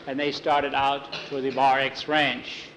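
A man's voice: mid-range voice, flat delivery, unhurried, a bit bright, slight background noise, low-quality recording. A man telling a homespun story aloud, rambling with fillers and doing the voices himself. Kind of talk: unscripted oral storytelling.

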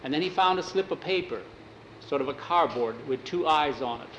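A man's voice: on the high side, animated, fairly quick, a bit bright, roomy sound, muffled recording, a little hiss or hum. A man telling a spooky story aloud, casually repeating "he says" between quotes. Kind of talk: oral storytelling.

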